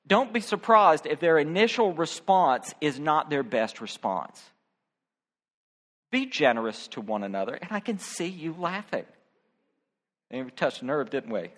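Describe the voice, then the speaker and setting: A man's voice: on the high side, big pitch swings, normal speed, a bit bright. A middle-aged man preaching a sermon as pastor, speaking directly and emphatically to his congregation. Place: church.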